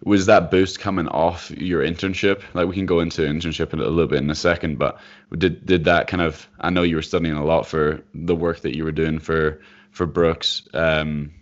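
A man's voice: rumbling low, little pitch movement, moderate pace. A young man, a professional runner, talking casually and thoughtfully with many hesitations. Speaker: professional runner, podcast co-host. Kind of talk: casual chat. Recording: dull lo-fi audio.

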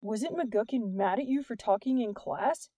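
A woman's voice: a little high, lively intonation, a little slow, mellow, no room sound, studio quality. A woman voicing a curious, teasing teenage boy who talks eagerly.

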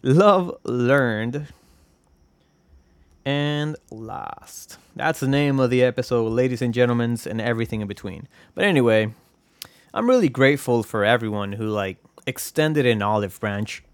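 A man's voice: medium pitch, lively intonation, a little slow, no echo. Rambling, swearing male podcaster. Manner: rambling, swears a lot, jokey asides. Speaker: podcast host. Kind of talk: casual solo podcast monologue.

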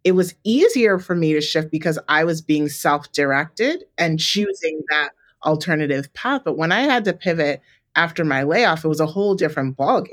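A woman in her forties, co-hosting a podcast, telling a story in a relaxed, reflective way with many "like"s and "you know"s. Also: sits low, normal speed. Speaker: podcast co-host. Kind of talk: casual chat.

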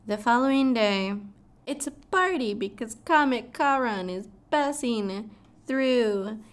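A woman casually recapping a plot in a vlog, animated and swearing freely. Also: mid-range voice.

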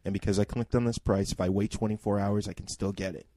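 A man co-hosting a podcast, reading a listener's email aloud with expressive emphasis, then chatting casually. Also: fairly low pitch, fast talker, dry recording. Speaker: podcast co-host.

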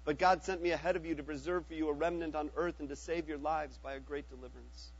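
A man's voice: fairly high pitch, fairly even intonation, fast talker, highs cut off, natural voice. Joseph, a man reading as a grave ruler. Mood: earnest. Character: Joseph, a powerful ruler revealing himself to his brothers.

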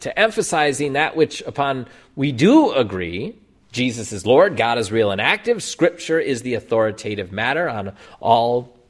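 A male pastor delivers a sermon, his voice moving with lively rises and falls in pitch. He explains his points emphatically, stressing key words and posing rhetorical questions to the congregation. His voice sits at a middle pitch for a man. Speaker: Lutheran pastor.

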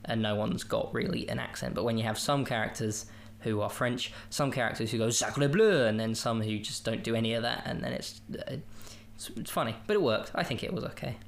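A man's voice: on the low side, brisk, gravelly, hardly any pauses. A man hosting a podcast, chatting casually about a film in a rambling, jokey and self-amused way. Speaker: podcast host. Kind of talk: casual film review chat.

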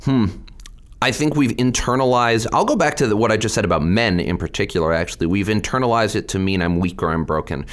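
Animated man with a low voice. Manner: animated, quick to anger, acts out quotes. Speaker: state legislator and guest. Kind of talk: interview answers.

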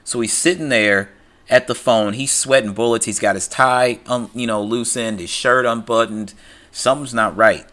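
A man's voice: medium pitch, fairly even intonation, normal speed, sharp tone. A man retelling a film plot in loose, conversational talk, full of fillers and restarts. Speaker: film recap commentator.

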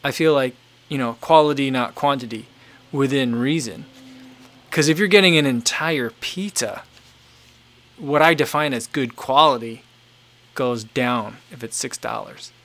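A man with an ordinary mid-pitched voice hosts a casual livestream. He reads viewer comments aloud and rambles through his replies, full of fillers and restarts as he works out what he thinks. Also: unhurried, fairly bright tone. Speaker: livestream host reading chat.

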